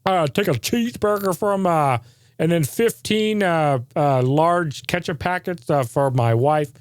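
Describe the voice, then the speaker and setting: A man's voice: on the high side, unhurried, clean tone, natural voice. A man voicing a bumbling male drive-thru customer who mumbles his order through endless ums and uhs and swears. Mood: fumbling.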